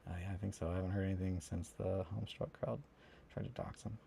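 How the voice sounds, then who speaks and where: A man's voice: sits low, fast, creaky, slight background noise. A man chatting casually on a livestream while doing a hobby, rambling and answering chat. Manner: rambling, animated, breaks into quoted cartoon lines. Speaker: streamer.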